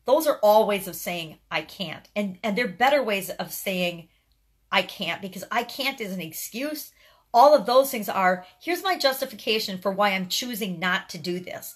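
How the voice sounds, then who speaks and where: Middle-aged woman vlogger, plain motivational chat, earnest, a bit halting at the start of her phrases. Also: mid-range voice. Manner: earnest and upbeat, repeats words at the start of phrases. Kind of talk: casual motivational talk to camera.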